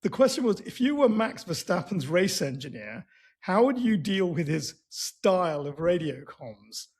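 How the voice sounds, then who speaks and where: Husky high-voiced excitable man. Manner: quick, excitable, laughs while recounting. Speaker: podcast co-host. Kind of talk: casual chat.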